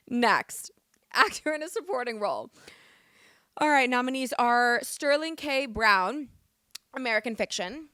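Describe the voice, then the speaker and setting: A woman's voice: fairly high pitch, animated, measured pace, pushed and bright, smooth, no echo, studio quality. A young woman vlogging her opinions in a casual, emphatic chat, full of restarts and swearing.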